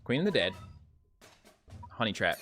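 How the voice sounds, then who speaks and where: A young man with a bright, forceful voice chats his way through a live game stream. He talks loosely, reads out viewer comments, and urges his units on with short repeated phrases. Faint music plays in the background. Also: fairly low pitch, sing-song, moderate pace.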